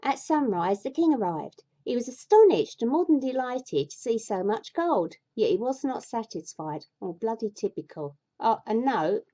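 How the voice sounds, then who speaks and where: A woman's voice: a little high, big pitch swings, normal speed, few pauses, mellow. Grumbling, sweary woman storyteller. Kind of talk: comic fairy tale reading with rambling asides.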